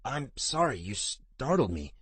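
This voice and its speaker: A nervous, earnest young dragon rider, as an audiobook narrator puts him on, speaking higher than the narration in a tense, pleading voice. The recording is dry and close, with no room sound. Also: male voice, very animated, normal speed, slightly rough, no room sound. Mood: anxious.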